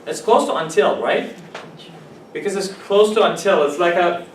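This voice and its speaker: A man leads an English class, patiently working through example sentences and drawing out key words. His voice sits slightly high for a man. He is picked up from a distance in an echoey classroom with faint background hiss. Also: moderate pace. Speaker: English teacher. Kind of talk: classroom teaching.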